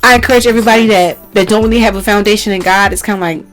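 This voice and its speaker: Fast-talking earnest woman co-host. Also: medium pitch, steady tone, music in the background, low-quality recording. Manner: earnest, testifying about personal struggles. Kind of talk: casual faith talk.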